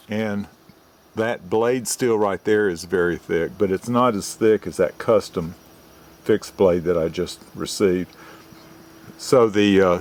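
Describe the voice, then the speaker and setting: An older man with a low voice walks through a knife review in a plain, methodical way. He is recorded outdoors on a camera mic, with a faint outdoor hiss underneath. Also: a little mellow. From United States. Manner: plain, methodical, explains details slowly. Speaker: retired forester reviewing knives. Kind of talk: show-and-tell knife review.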